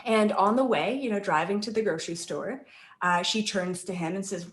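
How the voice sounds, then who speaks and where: Chatty female guest, conversational storyteller, middle pitch, roomy recording. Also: normal speed. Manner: chatty, with frequent tag questions. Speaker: intuitive channeller guest. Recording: roomy echo.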